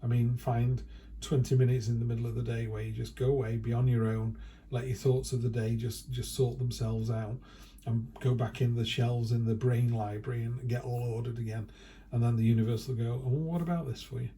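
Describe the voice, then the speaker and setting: A man's voice: medium pitch, flat delivery, a little fast, dark tone. Chatty man reading tarot. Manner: chatty, rambling, with playful quoted asides. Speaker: tarot reader. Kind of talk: casual tarot reading monologue.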